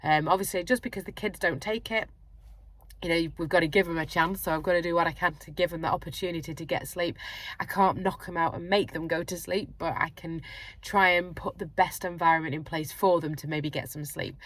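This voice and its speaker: A middle-aged woman, a sleep coach and mum, chatting casually and tiredly to camera from her car, animated and quick to laugh. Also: fairly low pitch, a little hiss or hum. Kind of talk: casual vlog chat. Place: parked car.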